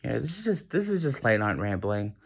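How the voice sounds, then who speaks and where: A young man talks to the camera late at night in a loose, rambling monologue. He sounds emotional and close to tears, stumbling and restarting his sentences as he goes. His voice sits at an ordinary middle pitch. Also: big pitch swings, creaky. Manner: emotional, halting, many restarts. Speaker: vlogger.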